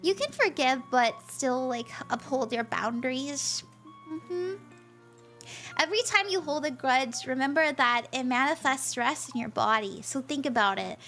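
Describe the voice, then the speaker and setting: A woman's voice: high-pitched, measured pace, a bit bright, soft background music. A woman tarot-reading streamer chatting casually with her chat, joking and laughing often.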